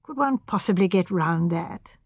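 A woman reading a classic mystery novel aloud with steady, measured narration. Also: lowish voice, breathy edge, no room sound. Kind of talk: audiobook narration.

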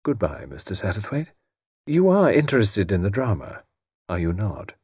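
A man doing a calm, mysterious gentleman. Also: on the low side, moderate pace, slightly rough, no echo, clean studio sound, heavily acted. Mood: measured.

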